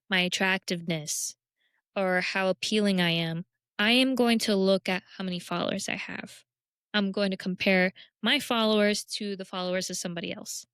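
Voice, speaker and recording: A young woman talks through self-help topics in a candid, conversational way, often poking fun at herself. Her voice is smooth and resonant. It is recorded close and dry, with almost no room sound. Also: medium pitch, a bit bright, dry recording. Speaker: podcast host. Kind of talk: casual self-help talk.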